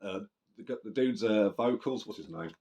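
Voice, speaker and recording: A man with a very low voice reviews a metal record in loose, rambling chat. He swears freely and keeps restarting his sentences. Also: normal speed, dark tone. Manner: rambling, sweary, self-correcting. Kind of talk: casual spoken album review.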